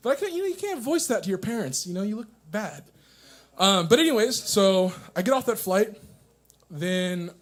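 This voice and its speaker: Young man, high-pitched, stand-up comedy, profane, self-mocking, nervous, stage mic. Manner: profane, self-mocking, laughs at own jokes. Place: coffee shop open mic.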